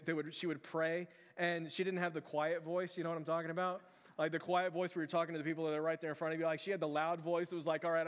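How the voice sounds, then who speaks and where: A pastor preaching a sermon to his church in a conversational, earnest way, with frequent fillers and restarts. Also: a little high. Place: church sanctuary. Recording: long hall reverb.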